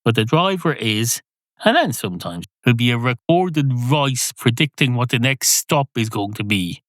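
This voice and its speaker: A man's voice: medium pitch, animated, moderate pace, a bit bright, no room sound, studio quality. A middle-aged man hosting a podcast, delivering a digressive, sardonic comic monologue that wanders off and corrects itself. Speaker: podcast host.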